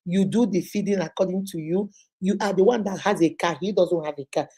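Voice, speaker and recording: A woman's voice: fairly low pitch, fairly quick, warm tone, slightly rough. A Nigerian woman, a relationship counselor and host, telling a story and probing by repeating a person's words back in long lists. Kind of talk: storytelling advice talk.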